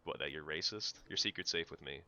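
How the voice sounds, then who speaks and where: A man's voice: a bass voice, brisk, pushed and bright, lo-fi sound. An American man livestreaming a game, chatting casually and teasing his co-host in joking banter. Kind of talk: casual chat while gaming.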